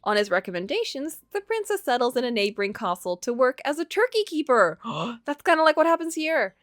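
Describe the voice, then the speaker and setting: Woman streamer reading a game out loud, super animated voice, dry close sound. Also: sits high, a little fast, no room sound. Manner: lively, chatty, laughs often, reacts with gasps. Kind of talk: live let's play, reading game text aloud and chatting.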